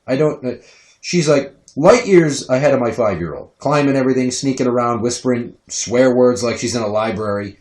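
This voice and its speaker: A man in his thirties, a podcast host, telling profane, animated stories about his kids in casual chat. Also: mid-range voice, brisk. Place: home basement. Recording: roomy echo.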